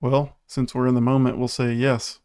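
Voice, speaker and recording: A man's voice: medium pitch, level tone, moderate pace, darkish tone, clear, resonant tone, no echo, clean studio sound. A man acting as game master, easygoing and laughing often as he narrates the results of the rolls. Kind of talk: running a tabletop game.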